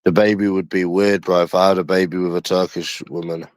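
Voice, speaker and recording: A man's voice: deep voice, little pitch movement, a little fast, darkish tone, dry recording. A man with a London accent in rambling, casual livestream chat, crude and full of swearing.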